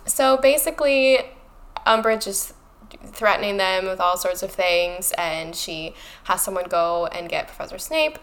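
A woman co-hosting a casual book podcast, recapping chapters in an animated, sarcastic way with frequent laughs. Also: mid-range voice, unhurried. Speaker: podcast co-host.

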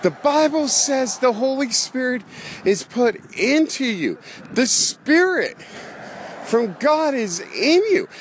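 A man's voice: extremely high pitch, sing-song, slow pace, a little hiss or hum. A man who is a pastor, ranting casually and rambling, slightly out of breath as he walks outdoors. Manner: rambling, loses his train of thought, laughs between phrases. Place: walking outdoors.

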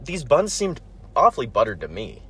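A man co-hosting a casual food review, talking with enthusiasm and a lively build-up. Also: mid-range voice, normal speed, slight background noise. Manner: enthusiastic, animated, likes a dramatic "you know what?".

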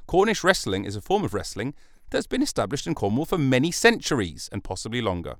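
A man's voice: mid-range voice, big pitch swings, a little fast, a bit bright, no echo. A man hosting a solo podcast from a studio, rambling through jokey, self-interrupting asides. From United Kingdom. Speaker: podcast host. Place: recording studio.

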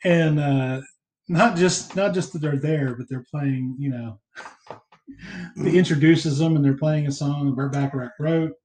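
A man's voice: on the high side, a little mellow, a little hiss or hum. Chatty man, echoey room. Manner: rambling, recaps scenes with fillers and quick laughs. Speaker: podcast co-host. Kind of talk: casual movie commentary chat.

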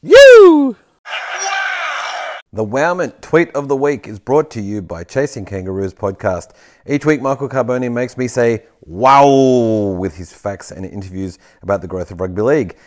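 A man's voice: fairly low pitch, fairly quick, darkish tone, no echo. A man hosting a casual sports round-up, a little scratchy and hungover, with wry joking asides. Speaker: host.

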